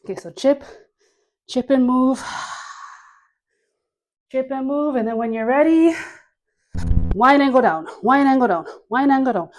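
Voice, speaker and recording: A woman leading a dance workout class, cueing moves slowly between sighs and laughs, a bit out of breath. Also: high voice, darkish tone. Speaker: dance instructor.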